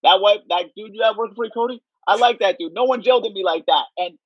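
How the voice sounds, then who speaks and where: Being interviewed, a man with a high voice rambles through casual stories at a fast clip, leaning heavily on "like" and "you know." The recording is dry, with the highs cut off.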